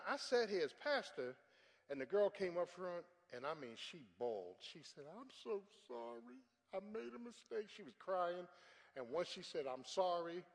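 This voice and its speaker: Middle-aged male pastor, lively pitch, animated sermon delivery, big reverberant sanctuary. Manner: animated preaching with sudden shouted peaks. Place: large church sanctuary. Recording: church hall with long reverb.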